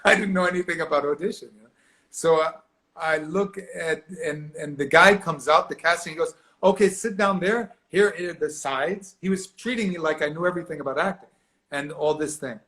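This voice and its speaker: Animated man telling a story. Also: a little high, brisk. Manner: animated, acts out quoted voices, laughs often. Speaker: actor guest. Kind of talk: storytelling interview.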